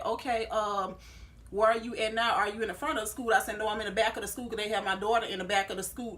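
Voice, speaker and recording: Fast-talking bright woman in her thirties. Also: fairly high pitch. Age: 30s. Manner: heated, reenacts her own arguments with lots of "I said". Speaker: vlogger. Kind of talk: storytime vlog.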